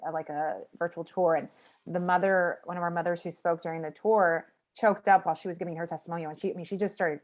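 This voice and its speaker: A woman with a fairly low voice speaks on a video call panel as a nonprofit founder. Her delivery is earnest and reflective, unhurried storytelling.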